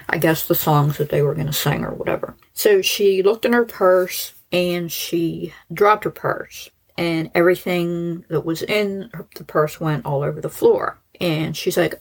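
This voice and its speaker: A woman's voice: fairly low pitch, unhurried, creaky, slightly rough, low-quality recording. A woman hosting a true crime podcast, telling the story in a casual, chatty way with lots of fillers and side remarks. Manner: chatty and informal, many "like" fillers and asides.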